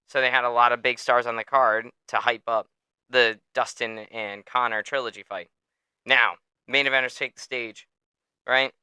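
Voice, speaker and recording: A man hosting a casual sports podcast, telling stories in an animated way, swearing freely and laughing often. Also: mid-range voice, clean tone, dry recording. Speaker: podcast host.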